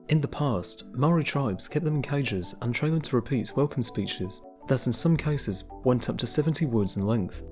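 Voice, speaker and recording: A man reading a scripted educational narration in a measured, informative manner. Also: medium pitch, darkish tone. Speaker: narrator of a nature video. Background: faint background music.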